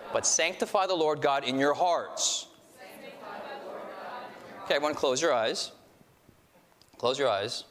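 A man's voice: medium pitch, moderate pace, pauses often, fairly bright tone. A man preaching as a pastor, leading the congregation in call-and-response with self-deprecating humor. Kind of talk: sermon. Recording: reverberant hall.

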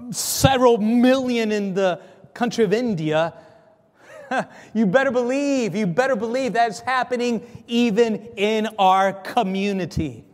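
High-voiced animated man preaching in hall. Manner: animated, acts out dialogue, stammering restarts. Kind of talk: storytelling sermon. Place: church.

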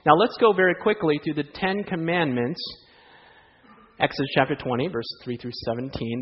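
A man preaching a sermon, telling stories in a lively way and asking the audience rhetorical questions. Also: a little high, normal speed, slight background noise. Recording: dull lo-fi sound in a hall with long reverb.

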